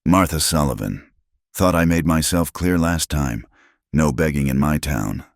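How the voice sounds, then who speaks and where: A man's voice: extremely low pitch, expressive, a little slow, vocal fry, no echo, studio quality, heavily acted. A man voicing a bulky, cruel frontier sheriff who drawls. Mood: menacing.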